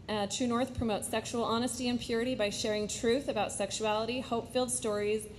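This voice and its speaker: A woman moderates an event in a high school auditorium, briskly reading the speaker introductions from a program, with slight background noise.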